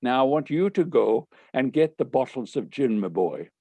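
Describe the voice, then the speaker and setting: A man's voice: medium pitch, sing-song, moderate pace, warm tone, husky, dry recording. A man putting on a self-admitted bad Irish accent to play a brusque middle-aged Catholic brother who teaches at a school. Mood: conspiratorial. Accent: put-on Irish. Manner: brusque, commanding.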